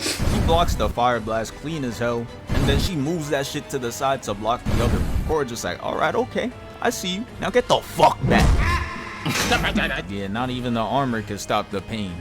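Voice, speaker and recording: A man narrates a fight scene as a comedic voice-over, cracking jokes in heavy slang. His pitch sits in a mid range. The delivery is a loose, running play-by-play. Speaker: reaction channel host.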